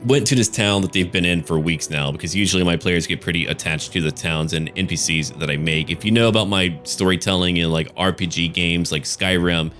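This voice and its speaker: Deep voiced gamer guy chatting about his channel, rambly, swears a bit. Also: brisk, hardly any pauses, a bit bright, soft background music. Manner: rambling, loose, with casual swearing. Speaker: gaming YouTuber and game master. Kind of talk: casual channel update.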